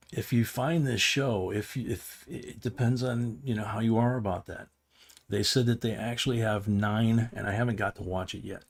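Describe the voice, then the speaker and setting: The host of a live stream, an older man, has a lowish voice that's creaky and a touch rough. He wanders through a casual story, chuckling now and then and beginning sentences again.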